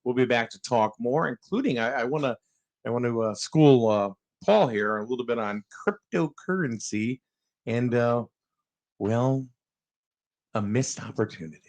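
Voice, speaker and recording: A man's voice: medium pitch, moderate pace, darkish tone. A man hosting a casual local morning radio show, rambling with fillers and chuckling as he talks.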